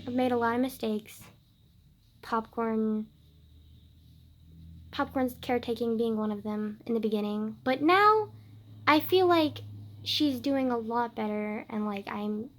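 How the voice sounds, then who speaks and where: Chatty teenage girl, slightly high voice. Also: a little hiss or hum. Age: late teens. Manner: chatty, heavy use of "like", swings between loud outbursts and quiet asides. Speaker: vlogger. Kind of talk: casual chat, storytelling.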